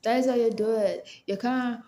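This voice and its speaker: A woman's voice: a little high, normal speed, a little hiss or hum. A young Jamaican woman with a Jamaican accent talking casually to camera, giving relationship advice and acting out what people say. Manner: animated storytelling, acts out quoted lines.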